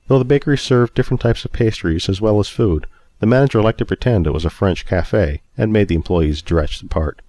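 A man reads a story aloud in a steady, even manner. His voice sits low, and the recording is dry and close. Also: fairly quick, dry recording. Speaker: narrator. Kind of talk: storybook narration.

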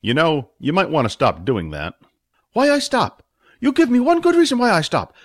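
A man voicing an excitable, hot-tempered male restaurant owner who speaks in broken English in a very high, loud voice. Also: normal speed, dry recording, studio quality. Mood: indignant.

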